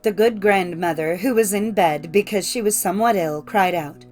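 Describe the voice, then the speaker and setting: A woman reading a classic fairy tale aloud in a measured, clear storytelling manner. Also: medium pitch, a little mellow, faint music behind. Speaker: audiobook narrator. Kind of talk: scripted storybook narration.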